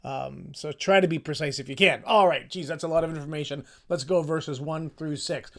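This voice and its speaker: A man's voice: on the high side, normal speed, a bit bright. A man leading a casual singing lesson, chatty and self-deprecating, explaining the score and singing short phrases to demonstrate. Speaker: choir practice leader.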